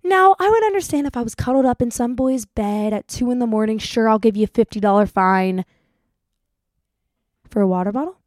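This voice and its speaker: A young adult woman vlogger telling a story in a chatty, animated way and acting out what people said. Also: a little high, brisk, no echo. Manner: chatty, animated, acts out quotes. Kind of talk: casual storytelling vlog.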